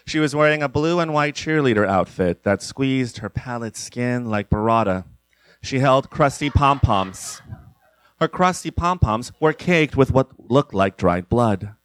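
A man narrating a comic parody story in a deadpan way. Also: mid-range voice, a little slow, no echo. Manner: deadpan, breaks into laughter.

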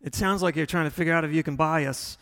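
A man's voice: fast talker, long reverb tail, close to an everyday voice. A man putting on a clumsy Australian accent to quote a laid-back male founder on the phone. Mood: friendly. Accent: Australian, poorly imitated. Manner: clumsy put-on accent, a bit higher and louder.

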